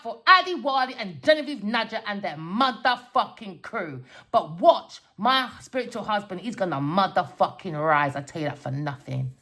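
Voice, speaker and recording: A woman's voice: medium pitch, expressive, moderate pace, few pauses, sharp tone. A woman who reads tarot, telling of a dream and preaching warnings in a spiritual vlog, swearing and raising her voice. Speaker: tarot reader.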